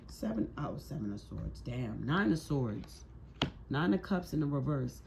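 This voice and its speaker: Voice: medium pitch, lively intonation, normal speed, gravelly, a little mellow, a little hiss or hum. A tarot reader giving a heated, preachy reading, full of profanity and repeated rhetorical questions. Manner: preachy and scolding.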